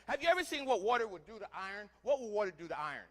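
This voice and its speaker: A man with a high, fairly bright voice plays a wagon teamster in a live historical reenactment at a church hall, talking very fast with big pitch swings. He theatrically fires questions at the audience.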